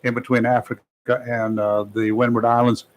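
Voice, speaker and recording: A male talk radio host chatting on air from a studio. His talk is folksy and loose, full of small jokes, and he often pauses on "uh" as he goes. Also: mid-range voice, little pitch movement, poor audio. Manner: folksy and joking, with many fillers. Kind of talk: casual talk radio commentary.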